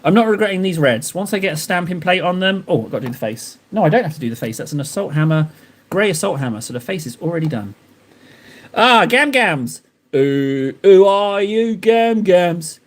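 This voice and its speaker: A man's voice: high voice, lively intonation, moderate pace. A young adult man hosting a live stream, chatting casually and playfully with viewers while painting miniatures, teasing them in mock-dramatic bursts.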